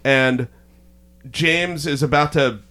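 A man's voice: on the high side, slow, pushed and bright, a little hiss or hum. A man hosting a casual chat, laughing often and stalling with fillers as he recaps a story.

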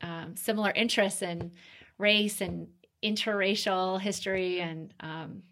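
A woman interviewing a guest, speaking haltingly with many fillers and restarts. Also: mid-range voice, fairly even intonation, fairly bright tone. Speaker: interviewer and author. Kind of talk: conversational interview.

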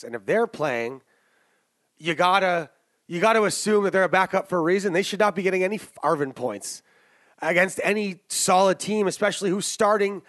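A man with a high voice talks through football picks on a podcast, brash and jokey, wandering off into asides. The sound is dry and close, with no room in it. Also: a bit bright, dry recording. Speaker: sports betting podcast co-host. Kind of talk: casual sports betting chat.

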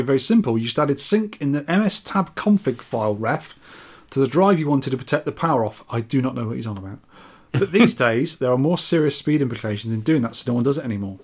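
A co-host of a laid-back retro gaming podcast goes through listener messages with a rambling, self-mocking sense of humor. He has a mid-range voice with a breathy edge.

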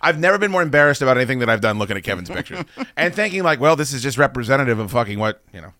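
Animated, profane male show host. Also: medium pitch, very fast, no room sound, clean studio sound. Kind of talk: casual podcast banter.

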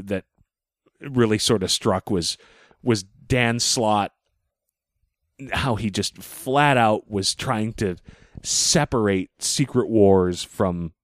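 His voice is lowish, captured in a dry, studio-quality recording made on a mobile rig in a living room. As a podcast co-host he keeps the chat casual, wry, and meandering, with an occasional swear.

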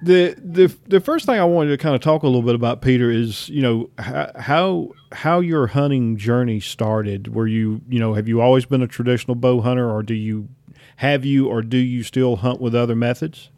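A man with a Southern US drawl hosts a relaxed interview, talking in long, looping sentences full of restarts. His voice sits at an everyday pitch, and the recording is dry and close with no room sound. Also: moderate pace, no echo. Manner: chatty, rambling with many restarts. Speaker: podcast host. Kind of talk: casual interview.

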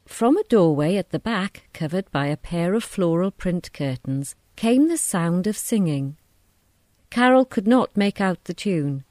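A woman reading a short story aloud in a measured, descriptive narration. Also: on the low side, animated, mellow, dry recording, studio quality.

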